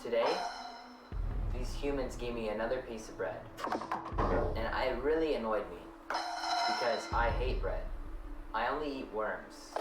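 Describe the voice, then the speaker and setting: A man's voice: mid-range voice, unhurried, long pauses, natural voice. A man doing a grumpy bread-hating bird. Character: grumpy male bird who hates bread. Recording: roomy, distant, loud music behind.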